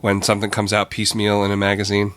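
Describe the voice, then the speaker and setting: Fast and completely flat in delivery, his lowish voice has a fairly bright tone with no echo. He's a podcast co-host chatting casually, hesitating often with many fillers and laughing readily.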